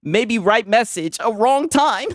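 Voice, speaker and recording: A man's voice: extremely high pitch, lively intonation, takes it slowly, no room sound, studio quality. A young man ranting in casual commentary, rambling and profane, tagging nearly every line with "right?". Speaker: streamer.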